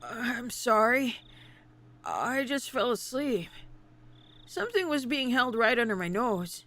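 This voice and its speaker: A woman streamer reading a visual novel aloud and chatting with viewers. She swears freely, laughs a lot, and rants excitedly. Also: a little high, slow pace. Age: adult.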